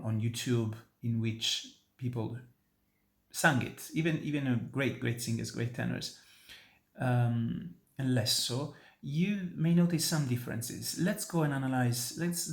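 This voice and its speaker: A native Italian speaker from Italy, with an Italian accent and a mid-range voice, talks a little slowly as he explains an opera aria to students. The opera tenor and voice teacher is earnest and emphatic, frequently restarts his sentences, and is giving an instructional talk on singing.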